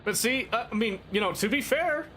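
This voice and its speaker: While live-streaming a game, this man rambles and talks to his chat in a playful, teasing, mock-dramatic manner. His voice is extremely high-pitched, expressive, brisk and sharp, and there's a little hiss or hum.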